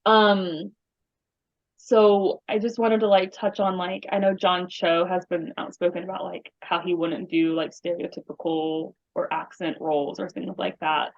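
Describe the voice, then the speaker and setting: Host: woman, lower voice, chatty and encouraging, muffled lo-fi recording. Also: level tone, a little slow. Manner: chatty, encouraging, frequent backchannels. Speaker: podcast host. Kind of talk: casual conversation. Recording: dull lo-fi recording.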